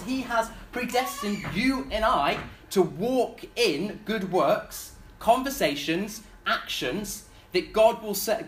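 A young man preaching a sermon at a church gathering. He speaks earnestly and pleadingly, often restarting his words, and his voice swings between bursts of intensity and softer, slower moments. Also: high-pitched.

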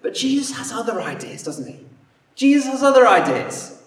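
This preacher has an extremely high, sing-song voice and a moderate pace, with slight background noise. Recorded from afar in an echoey hall, he tells his sermon like a chatty story, performing the characters as he goes.

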